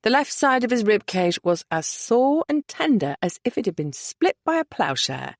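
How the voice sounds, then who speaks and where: A woman reading a romance novel aloud, her voice moving expressively up and down. She keeps a measured pace, and the recording is dry and close. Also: fairly high pitch, sing-song, dry recording. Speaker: audiobook narrator. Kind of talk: scripted romance narration.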